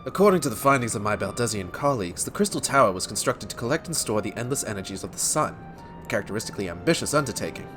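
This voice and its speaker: A grandiose male scholar from a fantasy game, as a man reads him out, lecturing in ornate, old-fashioned phrases. His mid-range voice swoops and rises with lively emphasis. Faint game music plays underneath. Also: lowish voice, very fast. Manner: formal, elaborate old-fashioned speech. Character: learned male historian, grand and wordy.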